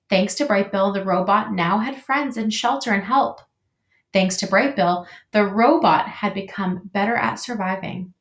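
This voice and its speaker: Woman reading a children's book aloud. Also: mid-range voice. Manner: expressive, measured storytelling. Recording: echoey room.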